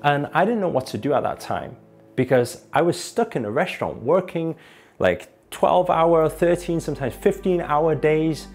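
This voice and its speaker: Self-help vlogger, male, lively storyteller with a gravelly edge and light music behind him. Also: on the high side, normal speed. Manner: expressive, swings between soft and emphatic. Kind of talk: storytelling vlog.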